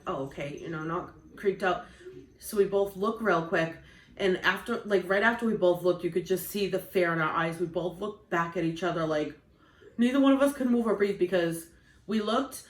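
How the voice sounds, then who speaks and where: A middle-aged woman co-hosting a casual chat, telling a ghost story slowly and in detail at her kitchen table. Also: on the low side, reverberant, poor audio. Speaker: channel co-host.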